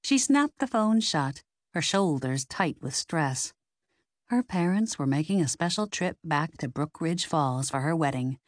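Her voice on the low side, a woman narrates a novel for an audiobook with expressive storytelling. It is scripted narration captured in a dry, clean studio recording.

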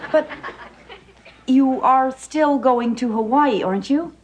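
A woman's voice: high-pitched, slow, darkish tone, husky, full character voice. A middle-aged woman playing a sitcom mother who talks in an insistent, firm, exasperated way. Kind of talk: sitcom acting.

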